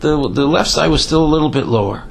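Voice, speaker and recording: A man teaching a Torah class, telling a story with lively voices and sprinkling in Hebrew and Yiddish terms. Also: on the high side, quick pace, creaky, a little hiss or hum.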